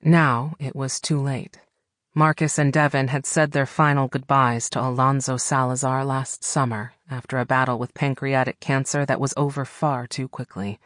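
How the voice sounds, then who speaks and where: A man narrating a contemporary romance audiobook in a steady, even storytelling manner. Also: mid-range voice, moderate pace, no room sound, studio quality. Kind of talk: scripted narration.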